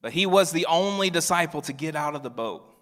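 A male pastor preaching a sermon, swinging from loud emphatic lines to hushed near-whispers. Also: fairly high pitch, lively intonation, fairly quick. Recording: long reverb of a large hall.

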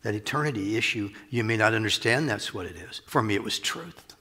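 A man's voice: on the low side, a little fast, sharp tone, slightly rough. A man preaching a sermon as pastor, talking in a loose, conversational way with chuckles and asides, recorded in a church sanctuary. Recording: long reverb of a large hall.

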